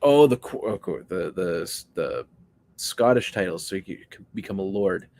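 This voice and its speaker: A man with a low voice and a gravelly texture talks casually as he builds a puppet on a stream. He rambles and cracks jokes between answers to viewers. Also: lively intonation, normal speed, a little mellow, poor audio. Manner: rambling, joking, answering chat. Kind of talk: casual chat while crafting.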